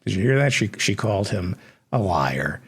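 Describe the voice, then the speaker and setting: A man hosting a satirical comedy news show, delivering sardonic, deadpan asides. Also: lowish voice, moderate pace, very noisy.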